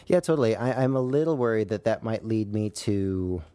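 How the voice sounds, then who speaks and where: A man's voice: on the low side, animated, moderate pace, mellow, no room sound. A young adult man co-hosting a writing podcast, talking in a laid-back, casual way with frequent laughs. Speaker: podcast co-host. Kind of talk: casual chat.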